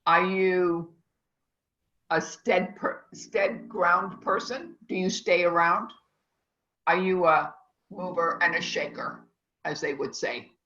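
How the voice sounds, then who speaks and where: A woman's voice: lowish voice, bright, forceful tone. A woman teaching a culinary class over a video call, with a rambling, emphatic teacherly delivery. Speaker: culinary instructor. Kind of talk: online class lecture. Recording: echoey, dull lo-fi audio.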